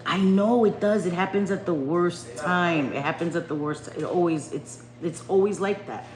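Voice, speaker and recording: A middle-aged woman chatting casually on a home live stream, loud and swearing, laughing a lot. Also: fairly low pitch, normal speed, crowd noise. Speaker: livestream host. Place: home bedroom at night. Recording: echoey room with faint noise.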